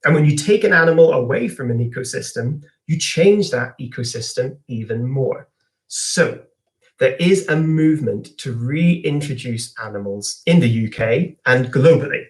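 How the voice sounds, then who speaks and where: A man's voice: mid-range voice, expressive, moderate pace. A man, a science communicator giving a live online lesson for young people, asking viewers to type their answers.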